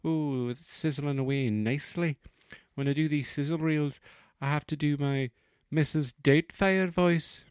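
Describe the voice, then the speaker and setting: A man's voice: a little high, steady tone, a little slow, clear, resonant tone, no echo, studio quality, voice pushed up, natural voice. A man putting on the voice of a chatty male film star promoting his new series in a breezy, self-satisfied way.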